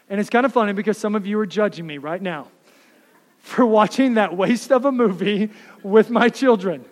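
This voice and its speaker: Man in his thirties, pastor's sermon, impassioned, high-pitched, reverberant hall. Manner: impassioned, builds up then drops to soft asides.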